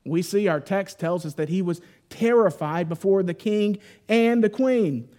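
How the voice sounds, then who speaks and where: A man preaching a Bible teaching in a conversational, animated way, full of casual asides. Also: high voice, a little slow. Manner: conversational and animated, lots of 'like'.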